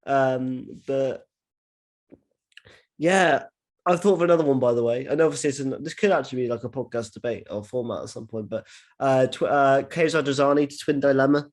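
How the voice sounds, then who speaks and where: Excitable man hosting a casual podcast. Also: mid-range voice, a little fast. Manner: excitable, lots of restarts and swearing. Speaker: podcast host.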